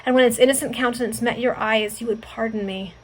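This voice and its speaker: A woman's voice: on the high side, steady tone, quick pace, close to an everyday voice, poor audio. A woman reading the lines of a frightened, remorseful young woman, speaking in a tearful, imploring way over a video call.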